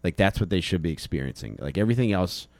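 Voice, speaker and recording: A man's voice: low voice, big pitch swings, quick pace, vocal fry, no echo. A man co-hosting a podcast, trading crude wisecracks and asides in casual banter. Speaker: podcast co-host.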